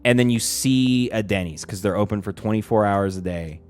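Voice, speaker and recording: Over soft background music, a man with a fairly low, slightly mellow voice chats casually on a livestream at a moderate pace. He rambles and swears, saying "like" constantly and restarting his sentences.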